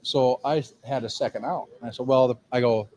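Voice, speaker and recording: A man's voice: medium pitch, steady tone, brisk, a little mellow, a little hiss or hum, poor audio. A man, a cigar lounge owner telling a rambling, profane, self-mocking story in a lounge. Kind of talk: casual storytelling.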